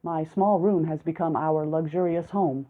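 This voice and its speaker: Woman reading male village doctor, earnest, deliberate, lowish voice, tinny lo-fi audio. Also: fairly even intonation. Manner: measured and deliberate. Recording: narrow, phone-like lo-fi sound.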